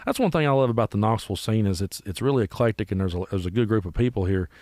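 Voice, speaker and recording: Fast-talking Appalachian man telling stories. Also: fairly low pitch, no room sound, studio quality. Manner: animated storyteller, acts out voices. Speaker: musician guest. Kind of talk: casual storytelling interview.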